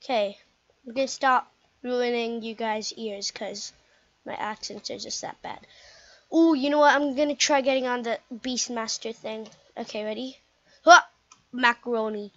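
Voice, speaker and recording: Young woman, high voice, excitable game commentary, dull lo-fi mic. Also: normal speed. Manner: excitable, chatty, exclaiming. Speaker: gameplay commentator.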